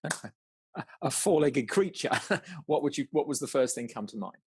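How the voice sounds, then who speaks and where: Husky-voiced man coaching, halting and chatty. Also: a little high, expressive, a little mellow, dry recording. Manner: halting, restarts words, laughs often, swears casually. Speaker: coach guiding an exercise. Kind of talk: casual guided conversation.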